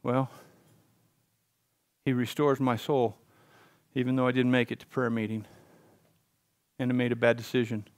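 A middle-aged male pastor preaching a sermon in a church, swinging from hushed to loud. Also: mid-range voice, little pitch movement, normal speed, pauses often. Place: church sanctuary.

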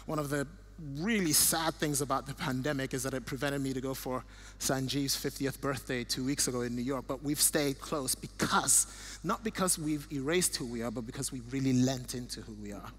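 A man's voice: mid-range voice, a little fast. A middle-aged man from Nigeria giving an earnest church talk with slides, telling stories with frequent restarts. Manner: earnest, warm storytelling with restarts. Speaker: guest speaker.

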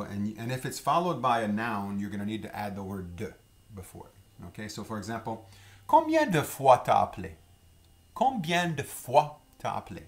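A middle-aged man teaches a casual spoken lesson, saying each example phrase slowly and twice before translating it. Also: on the low side. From Louisiana. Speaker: language teacher.

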